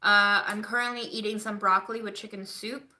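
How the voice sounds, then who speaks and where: A woman's voice: medium pitch, steady tone, brisk, bright, forceful tone, reverberant. A woman recovering from covid, chatting candidly to viewers on a home livestream, swearing casually. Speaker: livestreaming vlogger.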